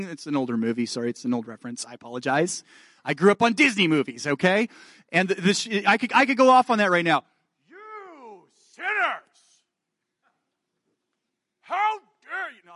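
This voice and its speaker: A man's voice: fairly high pitch, a bit bright, no room sound, studio quality. A male pastor preaching a sermon, earnestly checking in with his listeners, reading scripture aloud with rising fervor and dropping into self-deprecating asides.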